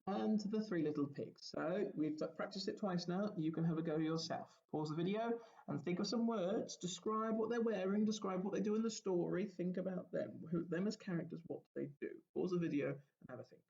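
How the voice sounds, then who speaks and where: A man, a primary school teacher giving a recorded lesson, explaining gently and asking the children questions. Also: sits high, brisk, vocal fry, few pauses, muffled recording.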